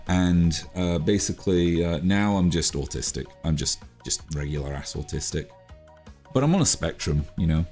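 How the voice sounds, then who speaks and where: A man's voice: deep voice, normal speed, a little mellow, soft background music. A man streaming his drawing, chatting casually in a rambling, self-deprecating way. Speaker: art streamer.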